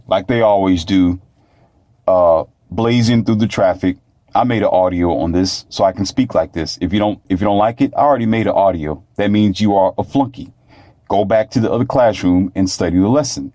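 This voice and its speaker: Blunt, preachy low-voiced man. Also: warm tone, dry recording. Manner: blunt, preachy, repeats himself. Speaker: vlogger. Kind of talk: opinionated storytelling monologue.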